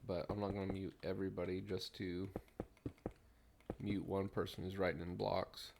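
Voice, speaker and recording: A middle-aged man streaming a game, talking in a mellow, rambling way and humming to himself while he builds, recorded at a desk mic. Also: low voice, level tone, moderate pace, creaky, background noise. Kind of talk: relaxed gameplay commentary.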